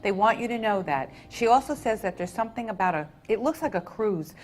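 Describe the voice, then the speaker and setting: A woman's voice: mid-range voice, animated, brisk, low-quality recording. Soothing woman giving a live spirit reading. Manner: soft, soothing, tender, calling people honey and sweetheart. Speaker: medium at a public reading.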